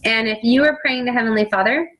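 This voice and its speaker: A woman's voice: on the high side, fast, fairly bright tone, low-quality recording. A middle-aged woman teaching a faith-based self-help talk, acting out quoted voices as she goes. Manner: acts out quoted voices and whiny children.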